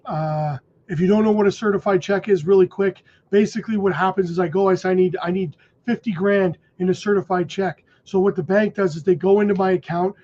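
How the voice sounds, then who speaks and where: A man hosting a crypto livestream, hoarse from losing his voice, talking emphatically and asking "okay?" and "right?" as he warns viewers. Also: high voice, fairly even intonation, a little fast, few pauses, mellow, lo-fi sound. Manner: emphatic, warning, says "okay?" and "right?" often. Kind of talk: casual livestream commentary.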